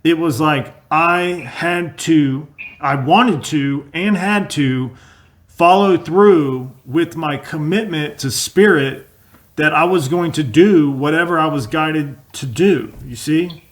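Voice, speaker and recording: A man's voice: a little high, takes it slowly. A man sharing his recovery in an earnest, reflective way during casual chat. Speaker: podcast co-host.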